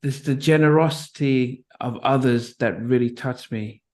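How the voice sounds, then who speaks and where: A middle-aged man from Nigeria hosting an interview, telling a story in a halting, reflective way with many restarts. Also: mid-range voice, a little mellow. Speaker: interview host. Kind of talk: interview conversation.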